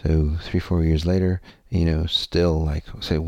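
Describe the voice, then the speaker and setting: Very deep, gravelly-voiced man. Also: level tone, measured pace, a little mellow, no room sound, studio quality. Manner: rambling and earnest, with many fillers and casual swearing. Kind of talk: candid personal story told to an audience.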